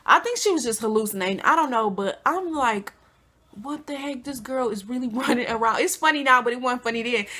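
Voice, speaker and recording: A young woman vlogger telling a casual storytime, animated and slangy, acting out quotes with big jumps in pitch. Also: a little fast. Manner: informal slangy speech.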